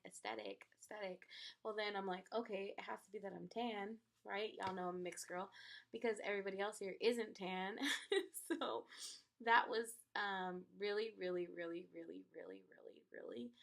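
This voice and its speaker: A young woman vlogger telling stories in a casual, animated chat to the camera. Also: medium pitch, gravelly. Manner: animated storytelling, acts out quoted people.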